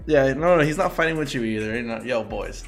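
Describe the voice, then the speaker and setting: A man's voice: mid-range voice, expressive, fast, creaky, faint music behind. A young man casually hosting a live trading stream, chatting loosely with viewers, swearing often and breaking into laughter. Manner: loose, profane, bursts of laughter. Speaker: livestream trading host. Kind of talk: casual livestream chat with viewers.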